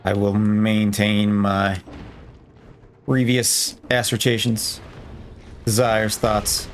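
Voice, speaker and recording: A man's voice: lowish voice, monotone, extremely slow, a little hiss or hum. A man giving casual, playful commentary while playing a video game, rambling with joking asides to himself. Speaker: let's play gamer.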